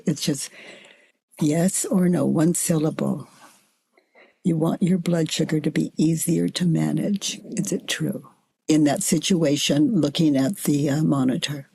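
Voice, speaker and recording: An older woman facilitating a self-inquiry dialogue, gently coaxing her guest and calling her honey. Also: deep voice, vocal fry, husky. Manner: gentle, slow, coaxing with endearments.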